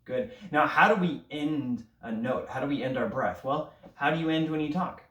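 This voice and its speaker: A man's voice: fairly high pitch, normal speed, a bit bright. A man teaching an elementary band lesson, leading breathing drills and counting aloud in an upbeat coaching way. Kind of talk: recorded online music lesson. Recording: roomy sound from a distance.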